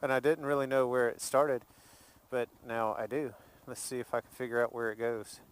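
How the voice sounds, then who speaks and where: A man's voice: medium pitch, little pitch movement, moderate pace, a little hiss or hum. A man, from Alabama, rambling and joking in a casual vlog while driving his car. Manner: chatty, rambling, jokey, laughs easily. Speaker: vlogger.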